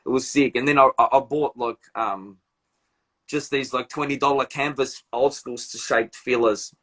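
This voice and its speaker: Over a phone or laptop on a live video call, a man hosts a casual live-stream chat. His medium-pitched voice moves at a moderate pace as he tells animated, slangy stories.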